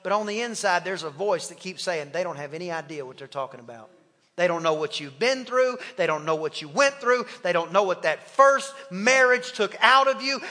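High, bright-voiced impassioned preacher man. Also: expressive, fairly quick. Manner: impassioned, with repetition and call-and-response. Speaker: pastor. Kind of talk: sermon. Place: church sanctuary. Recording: long reverb of a church hall.

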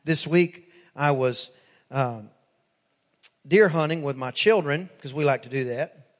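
A male pastor preaches with emphatic repetition, his voice sitting fairly high. He stacks phrase on phrase and retells conversations line by line. The sound carries a long reverb from the church hall. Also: unhurried. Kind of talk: sermon.

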